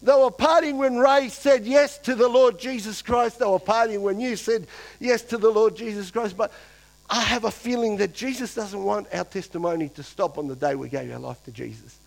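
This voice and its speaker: A pastor preaching a lively sermon to his church, acting out quoted voices and swinging between loud and hushed. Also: high voice, normal speed, creaky, low-quality recording.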